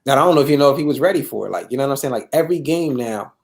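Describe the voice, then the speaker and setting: A man's voice: medium pitch, lively intonation, racing, gravelly. Rambling, easygoing male host. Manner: rambling, repeats phrases, says "bro" and "right?". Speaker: show host. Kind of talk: casual chat.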